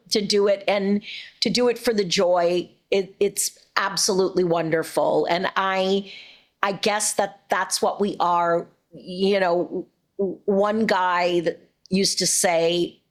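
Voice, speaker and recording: A middle-aged woman voice actress chatting as an interview guest, warm and rambling with frequent restarts. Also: mid-range voice. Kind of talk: casual interview chat.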